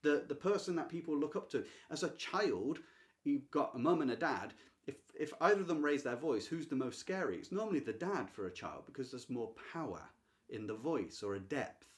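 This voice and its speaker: Animated man explaining literature. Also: medium pitch, normal speed. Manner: emphatic, swings between loud declaration and hushed emphasis. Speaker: literature teacher and channel host. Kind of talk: enthusiastic explanatory talk to camera.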